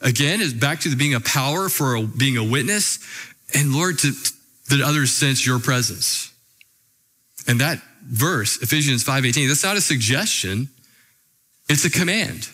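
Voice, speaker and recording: A man's voice: medium pitch, expressive, normal speed, bright, forceful tone, husky. A male preacher delivering a sermon, emphatic and asking his listeners rhetorical questions. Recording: long hall reverb.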